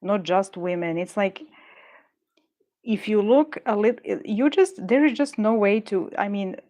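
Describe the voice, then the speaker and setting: A woman's voice: medium pitch, a little slow, dark tone. A woman chats loosely to viewers while making jewelry at her desk. She rambles and wanders off on tangents, talking herself down whenever the work frustrates her. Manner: rambling and chatty, talks herself through frustration. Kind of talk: casual chat while crafting.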